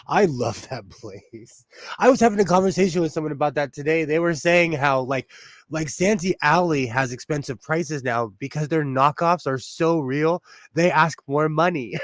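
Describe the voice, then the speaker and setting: A man's voice: on the high side, no echo, studio quality. Bubbly, giggly man hosting a live stream. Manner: bubbly, laughs often, cheers "yay", greets chat viewers. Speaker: sewing livestream host. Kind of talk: casual livestream chat. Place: at home indoors.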